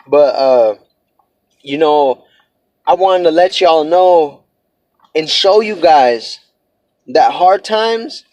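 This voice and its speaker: A man's voice: on the high side, darkish tone, dry recording. A man in his twenties giving a blunt, profane, heartfelt motivational vlog talk, casual street slang throughout. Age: 20s. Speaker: vlogger.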